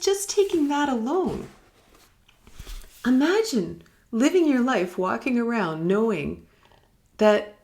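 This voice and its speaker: A woman giving a reflective spiritual teaching in a live online session, musing and unhurried, sometimes dropping almost to a whisper. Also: mid-range voice, a little mellow. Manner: unhurried, musing, drops to near-whispers at times. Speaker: meditation teacher. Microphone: live online broadcast.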